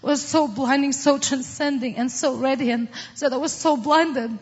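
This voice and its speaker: A woman from the Middle East telling her personal testimony in an earnest, halting way, with frequent fillers. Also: high-pitched, steady tone, a little mellow, long reverb tail, dull audio. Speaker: testimony speaker.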